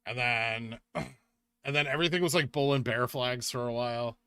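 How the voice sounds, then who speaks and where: A young man hosting a casual livestream, chatting with viewers, reading out donations and making quick asides. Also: medium pitch, pushed and bright, clean tone, no echo. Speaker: livestream host.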